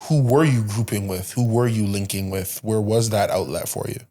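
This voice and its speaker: Woman podcast host, extremely low voice, curious, musing questions. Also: normal speed, mellow. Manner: curious, musing, circling through qualifiers. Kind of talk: interview questions.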